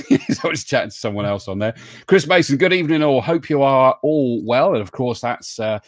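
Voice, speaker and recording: A man's voice: medium pitch, animated, moderate pace, no room sound, studio quality. A man hosting a casual live stream, joking with his co-host and reading out viewers' names and greetings.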